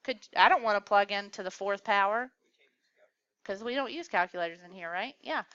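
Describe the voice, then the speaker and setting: A woman's voice: medium pitch, fairly quick, sharp tone, clear, resonant tone, no room sound, highs cut off. A woman teaching a math class, coaxing students along with questions in a classroom lecture.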